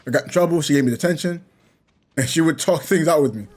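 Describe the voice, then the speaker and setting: A man's voice: a little high, quick pace, darkish tone. A young man, a gaming channel host, talking casually and reflectively while he plays, rambling and chuckling between points. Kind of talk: casual talk while playing a game.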